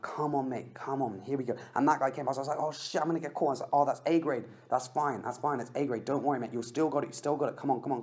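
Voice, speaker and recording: Australian man, young, low-pitched, rapid rambling voice-over, lots of fillers. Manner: rambling, excitable, many fillers like "like". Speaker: cycling vlogger. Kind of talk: casual voice-over commentary on race footage.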